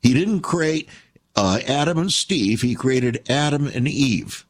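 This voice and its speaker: A man's voice: medium pitch, lively intonation, slow pace. A man preaching an emphatic broadcast sermon, addressing listeners as friends. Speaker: radio preacher.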